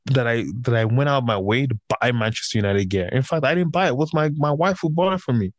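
A man's voice: mid-range voice, lively intonation, quick pace, dry recording. Exasperated man ranting, dry close sound. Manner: heated, profane, exasperated ranting; swings between raised outbursts and tired grumbling. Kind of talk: casual ranting chat.

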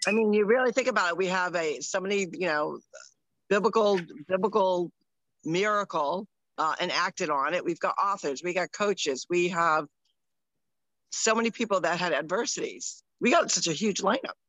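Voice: mid-range voice, moderate pace, bright, forceful tone, dry recording, rough recording. A podcast co-host chatting casually, rambling with lots of fillers. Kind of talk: casual chat.

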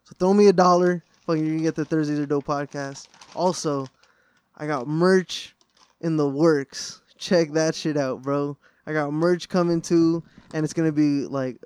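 Male podcast host, casual and profane, slightly high pitch, dry close recording. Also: steady tone, normal speed, darkish tone, smooth, dry recording. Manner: loose, profane storytelling, high.

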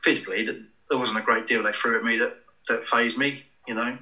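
A man's voice: mid-range voice, steady tone, brisk, pushed and bright, poor audio. A man, telling a long anecdote in an interview in a rambling, casual way with many restarts. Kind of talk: casual storytelling.

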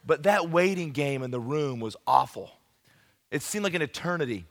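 A man preaching at a youth camp, telling a funny story from his childhood with lively, folksy emphasis. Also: fairly high pitch, moderate pace. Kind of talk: evangelistic sermon with humorous storytelling. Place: large camp meeting room. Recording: long hall reverb.

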